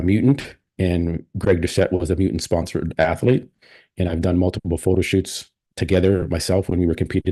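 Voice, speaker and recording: A man's voice: low voice, mellow. A man hosting a live stream, chatting casually and rambling with plenty of restarts and opinions.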